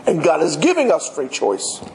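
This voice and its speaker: A man's voice: a little high, huge pitch swings, normal speed, darkish tone, slight background noise, poor audio. A man, a rabbi, giving an emphatic religious lecture and speaking straight to his listeners with rhetorical questions. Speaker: rabbi teaching.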